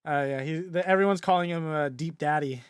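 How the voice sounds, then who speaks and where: A young podcast co-host and streamer with a fairly high, clear, resonant voice talks a little fast in a studio-quality recording with no echo. His casual chat rambles, is full of fillers, and he laughs easily.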